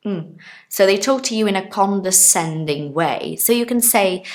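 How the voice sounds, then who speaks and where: A woman's voice: mid-range voice, lively intonation, moderate pace, a little mellow. A woman in her thirties giving a casual online English lesson, chatting to her viewers, explaining words with everyday examples and checking in with them. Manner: chatty, explains with examples, asks listeners questions. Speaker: English teacher.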